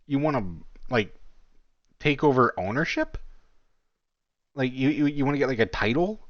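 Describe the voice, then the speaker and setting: A man's voice: medium pitch, very animated, a little slow, pauses often, fairly bright tone, no room sound, muffled recording. A man giving casual commentary on a chat log, mocking and incredulous, and swearing freely.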